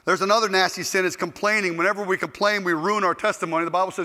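Racing through a storytelling sermon, a male preacher jokes and animatedly impersonates the people in his stories. His voice sits high and bright against a long, reverberant hall echo.

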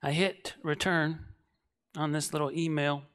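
Man, late thirties, preacher, sermon storytelling, animated, bright. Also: on the high side, unhurried. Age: 30s. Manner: animated, swinging from shouting to hushed.

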